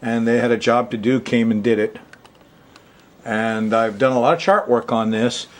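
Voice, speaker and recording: A male astrology host talks straight to the viewer in a loose, chatty monologue. His voice sits at an ordinary middle pitch. He chuckles often and wanders off into side remarks. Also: steady tone, normal speed. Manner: chuckling, chatty, rambling asides. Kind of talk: casual monologue to camera. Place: Hawaii.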